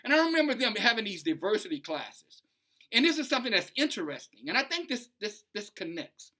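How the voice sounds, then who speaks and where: A middle-aged man hosting a preachy commentary vlog. His voice sits a bit high and rings bright. He keeps circling back to his points and building to a heated pitch. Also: big pitch swings, brisk. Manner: emphatic, repetitive, rising to heated. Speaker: online commentator.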